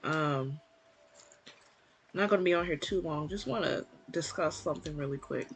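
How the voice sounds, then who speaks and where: A live streamer chatting casually while eating, relaxed and unhurried, trailing off with ums and laughs. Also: mid-range voice, a little hiss or hum, low-quality recording.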